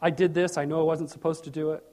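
A middle-aged man preaching a sermon as pastor, animated and joking, with sudden loud bursts. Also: a little high, fast.

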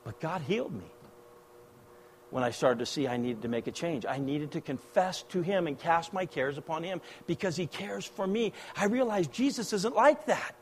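Pastor, male, middle-aged, from the US, high voice, impassioned sermon delivery that rises loud then drops to a hush. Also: moderate pace, slightly rough. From United States. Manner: impassioned, swings between loud exhortation and hushed quoting.

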